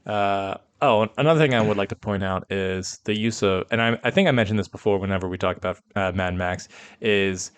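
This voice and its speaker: A man's voice: on the low side, a little fast, clear, resonant tone. A man co-hosting a podcast, giving rambling, opinionated takes on a film with lots of fillers. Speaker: podcast co-host. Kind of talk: casual film discussion.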